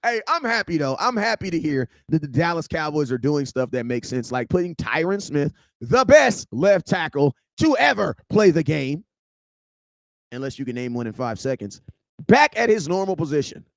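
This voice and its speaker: A man hosting a sports vlog, ranting casually in a slangy, joking, animated way. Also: fairly high pitch, normal speed, vocal fry, no echo, studio quality. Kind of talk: casual unscripted rant.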